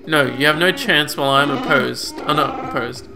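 Pompous wookiee chieftain, read aloud by a man, slow proclamations, higher pitch, game music behind. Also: vocal fry. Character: proud, scheming male Wookiee chieftain.

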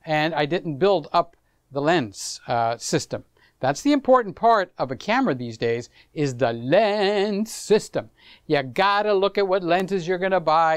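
A middle-aged man hosting a camera vlog, telling a story to the camera in a casual, animated way. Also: fairly high pitch, smooth, dry recording. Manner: animated, acts out conversations, chuckles often. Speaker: camera reviewer, vlog host.

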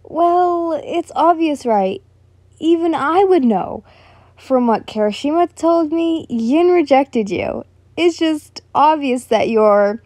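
A woman's voice: sits high, animated, takes it slowly, a little mellow, no room sound, voice pushed up. A woman reading a story aloud, voicing a cheerful young nobleman who teases his friend playfully. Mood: teasing. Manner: playful, teasing.

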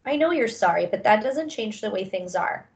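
A woman's voice: medium pitch, expressive, normal speed, natural voice. A woman voicing an upset boy, reading his lines with pleading emotion in a storybook reading. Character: boy, older child, upset and then softening.

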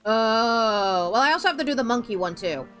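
A woman's voice: fairly high pitch, lively intonation, normal speed, a bit bright, faint music behind. A woman streamer chatting casually while gaming, sarcastic and playful, swearing freely. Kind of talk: casual gameplay chat.

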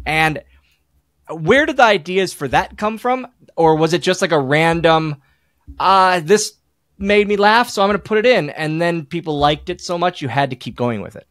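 A man hosting a casual podcast interview, enthusiastic and halting with frequent restarts. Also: a little high, animated, a bit bright, no echo, clean studio sound. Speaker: podcast host.

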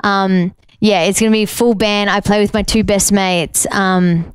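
A woman's voice: mid-range voice, clean tone, no room sound. A woman with an Australian accent, chatting playfully as an interview guest in a studio. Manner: playful, animated, quick to joke. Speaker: singer and drummer, interview guest. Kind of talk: casual interview chat.

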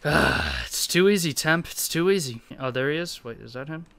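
A young man giving casual, excitable commentary over his own gameplay, laughing often and talking to himself. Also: on the high side, normal speed, vocal fry, dry recording. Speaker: gaming YouTuber.

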